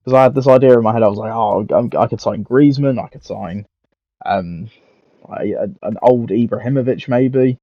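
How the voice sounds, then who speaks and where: A man's voice: mid-range voice, normal speed, no echo. Rambling man, dull dry mic. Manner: rambling, self-mocking, swears casually. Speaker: gaming YouTuber. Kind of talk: casual gameplay commentary.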